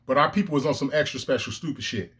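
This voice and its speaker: Recording himself straight into his camera lens, a vlogger rants in heated, profane commentary full of emphatic outbursts. He's a man with a husky, slightly bright, medium-pitched voice and talks fast.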